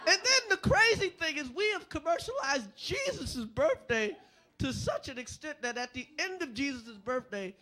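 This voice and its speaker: Man, stand-up comic, slow emphatic delivery, lively high voice, bright tone. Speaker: stand-up comedian. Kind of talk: stand-up routine. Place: comedy club stage.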